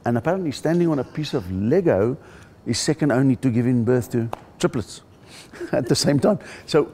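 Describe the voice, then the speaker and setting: A middle-aged South African man, a comedian in a casual interview, telling animated stories and acting out other people's voices. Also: mid-range voice.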